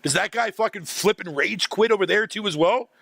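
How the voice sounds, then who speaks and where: A man's voice: sits high, a little fast, vocal fry, a bit bright, no room sound. A middle-aged man ranting casually as a gaming streamer, swearing constantly, laughing often and piling on fillers. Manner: profane, exasperated, laughs often, filler-heavy.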